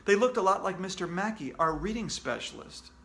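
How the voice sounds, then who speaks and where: A man, a children's author, reading his book aloud to kids with slow, expressive storytelling. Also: sits high.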